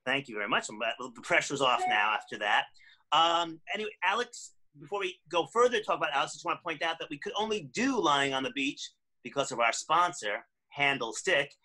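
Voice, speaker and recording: A man's voice: mid-range voice, brisk, pushed and bright. A man co-hosting a podcast, chatting and joking casually before introducing the guest. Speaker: podcast co-host.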